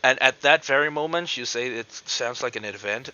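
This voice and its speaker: Guy game-mastering a tabletop game, bright sharp voice, lots of ums, muffled lo-fi audio. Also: medium pitch, normal speed. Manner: describes scenes with many fillers and restarts.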